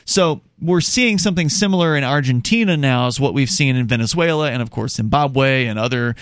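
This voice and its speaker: A man's voice: medium pitch, brisk, clean tone, no room sound, studio quality. A man co-hosting a talk show in casual chat, explaining step by step and reading news passages aloud with small restarts. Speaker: podcast co-host.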